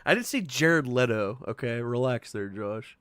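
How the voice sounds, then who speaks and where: A man hosting a casual online talk show, animated and laughing, swearing often as he reacts to clips with his guests. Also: mid-range voice, normal speed, clean tone, no room sound, studio quality. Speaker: podcast host. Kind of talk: casual chat.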